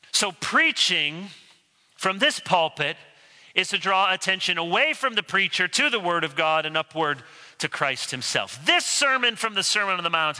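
A man's voice: a little high, pushed and bright, long reverb tail, rough recording. A man preaching a sermon as pastor from the pulpit, with wry rhetorical questions and mock-incredulous asides. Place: church sanctuary, speaking from pulpit.

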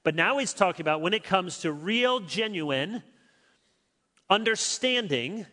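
A man preaching an expository sermon as a pastor. He talks emphatically, switches between quick stretches and slow, stressed words, and turns to his listeners with dry asides. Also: high voice, lively intonation, pushed and bright. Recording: long reverb of a large hall.

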